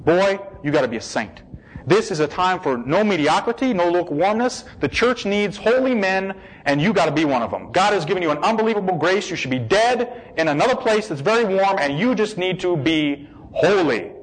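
A man giving an emotional personal testimony, shifting between hushed, slow passages and excited bursts. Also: sits high, rough recording.

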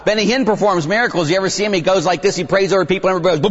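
A middle-aged man, a Catholic priest, preaching a lively sermon and acting out dialogue with young people in different voices. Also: rapid-fire. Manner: animated, acts out dialogue with kids, bursts into high excited voices. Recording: dull sound with long hall reverb.

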